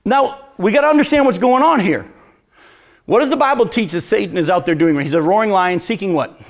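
A man preaching a sermon, telling stories with animated energy and laughing at his own jokes, then answering audience questions. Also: high-pitched, a little fast. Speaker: pastor.

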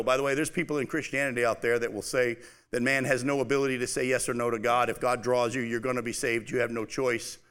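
A man preaching a casual, animated sermon, reading scripture aloud and talking it through with his listeners. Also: mid-range voice. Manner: animated, conversational, reads scripture aloud with emphasis. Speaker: pastor.

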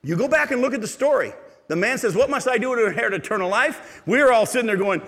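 A man preaching a sermon as pastor, animated and asking the congregation rhetorical questions. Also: extremely high pitch, fast, long reverb tail.

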